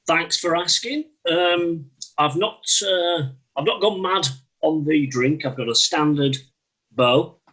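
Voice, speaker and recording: Casting: Lancashire man, high lively voice, bright and husky, playful guest. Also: takes it slowly, low-quality recording. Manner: jokey, playful. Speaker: guest panelist. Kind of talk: casual chat.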